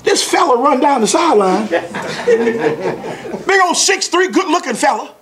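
Folksy, animated high-voiced man. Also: measured pace. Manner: folksy, chuckling, exclamatory. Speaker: motivational speaker. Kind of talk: animated storytelling talk to an audience.

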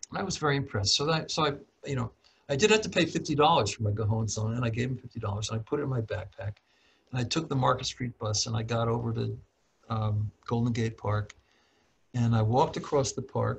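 Gravelly, husky-voiced man telling a story. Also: medium pitch, rough recording. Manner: calm, reflective, frequent throat clearing and restarts. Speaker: professor and author. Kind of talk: storytelling in a talk.

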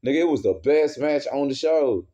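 A man's voice: mid-range voice, expressive, normal speed, mellow. Angry man ranting, profane and heated. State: worked up. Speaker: wrestling fan reviewer. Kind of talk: casual rant. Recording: dull lo-fi recording.

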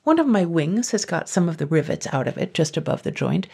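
A woman's voice: on the low side, sing-song, a little fast, creaky, a little mellow, husky, full character voice. A woman voicing a huge male dragon in iron armor, spluttering and polite but menacing, in a storybook reading. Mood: wheedling. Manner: spluttering, bossy.

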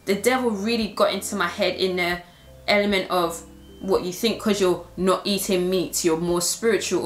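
A woman's voice: fairly low pitch, reverberant. A woman and Christian influencer sharing a personal testimony in an earnest, heartfelt way.

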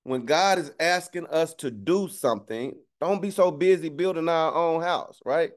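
A man's voice: a little high, moderate pace. A man preaching a casual livestreamed sermon, conversational and slangy, with joking asides and a constant "right?" to his listeners. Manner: conversational, keeps asking "right?".

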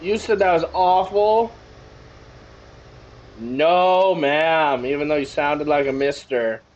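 A man giving excitable, joking commentary while playing a video game, often breaking into exclamations. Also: on the high side, slow, dull audio. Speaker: gaming YouTuber. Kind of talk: let's-play commentary.

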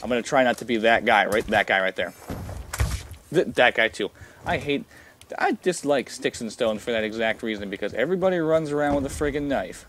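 A man's voice: mid-range voice, expressive, a little fast, fairly bright tone, slight background noise. A young man giving casual, rambling commentary over a video game, full of fillers and restarts. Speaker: gameplay commentator.

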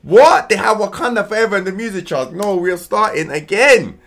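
A man from London with a London accent, reacting casually to a trailer as host and bursting into whoops and shouts. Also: high voice, a little fast. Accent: London English. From London, England. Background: trailer music playing faintly.

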